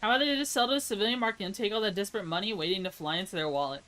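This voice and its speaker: A woman's voice: mid-range voice, very fast, a bit bright, low-quality recording. Chatty American woman streamer. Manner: chatty, reads chat aloud, laughs at own jokes; tries mock German accent voices. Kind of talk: casual live-stream chat.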